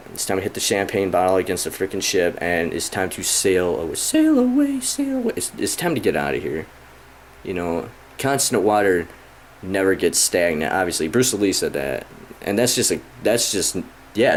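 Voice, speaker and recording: A man's voice: deep voice, a little hiss or hum. A man in his thirties ranting casually to the camera, frustrated and profane, rambling with many fillers. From Michigan, USA. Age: 30s. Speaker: vlogger.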